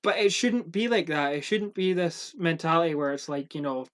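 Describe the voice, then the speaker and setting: A man's voice: a little high, normal speed. A young man, casually telling work stories on a podcast, acting out quotes and swearing freely. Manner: animated storyteller, acts out quotes, swears. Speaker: podcast co-host. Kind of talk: casual chat, storytelling.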